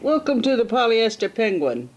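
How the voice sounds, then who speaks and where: A woman's voice: fairly high pitch, very animated, normal speed, darkish tone, highs cut off, slight background noise. A woman voicing a brassy New York barmaid in an exaggerated accent. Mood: mock New York.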